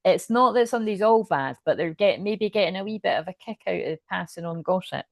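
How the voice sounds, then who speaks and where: A woman's voice: mid-range voice, brisk, vocal fry, no room sound. A woman reading tarot cards on a live stream, chatty and laughing often, with rambling asides. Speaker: tarot reader.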